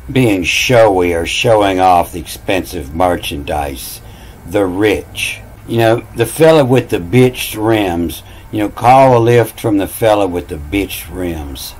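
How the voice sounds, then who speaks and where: A man's voice: lowish voice, slow pace, darkish tone, poor audio. A man talking through word meanings in a casual monologue, musing aloud, repeating phrases and spelling words out letter by letter. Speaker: channel host.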